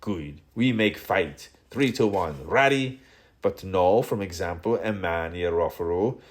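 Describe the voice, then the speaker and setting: Slow, low-voiced man reading theatrically. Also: animated. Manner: theatrical, shifts pitch and loudness between quoted speakers. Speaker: audiobook reader. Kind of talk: literary audiobook reading.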